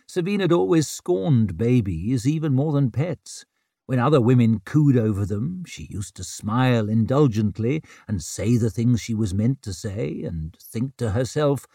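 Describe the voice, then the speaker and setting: A man reading an audiobook in a slow, steady voice. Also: mid-range voice, gravelly, no room sound, studio quality. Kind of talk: audiobook narration.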